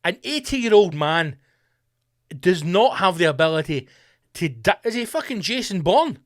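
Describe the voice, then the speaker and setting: A man's voice: sits high, sing-song, measured pace. Sweary man ranting. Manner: profane, mocking, riffing. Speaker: podcast host. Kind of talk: comedic rant.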